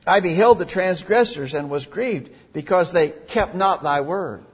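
Preacher, male, slightly high and husky, earnest and emphatic, dull lo-fi recording. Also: animated, unhurried. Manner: earnest, emphatic, reads scripture aloud. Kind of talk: sermon. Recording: dull lo-fi recording in a reverberant hall.

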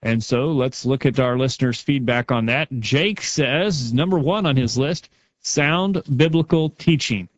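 A man's voice: mid-range voice, normal speed, few pauses, dry recording, lo-fi sound. A man co-hosting a religious talk show, steadily reading listener feedback aloud and commenting on it. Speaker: radio show co-host.

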